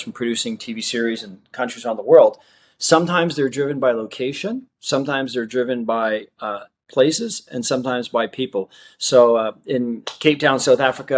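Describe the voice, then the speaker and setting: Middle-aged male magician from Australia, relaxed interview storyteller, average pitch, lively quoted dialogue. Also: slight background noise. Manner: animated storyteller who acts out quoted dialogue. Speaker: magician guest.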